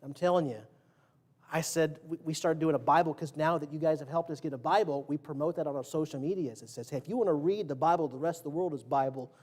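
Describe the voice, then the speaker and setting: Talking fast in a slightly high, darkish voice, a preacher in a church sanctuary keeps his sermon casual and jokey. He quizzes the congregation and performs quotes and sound effects.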